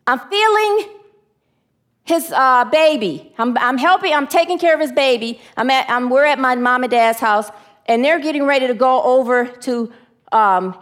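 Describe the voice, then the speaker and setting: Woman, personal testimony sermon, emotional, rather high voice, shifts between excited and hushed, preachy. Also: moderate pace. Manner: preachy, asks audience to answer. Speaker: spiritual speaker.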